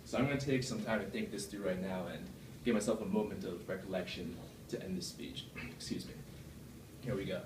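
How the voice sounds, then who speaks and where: A man's voice: steady tone, brisk, very noisy. A man giving a rambling, self-deprecating club speech full of fillers and restarts, recorded from across a meeting room. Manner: puts on a deeper voice from the chest. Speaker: club speaker. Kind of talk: prepared speech. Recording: echoey room from far off.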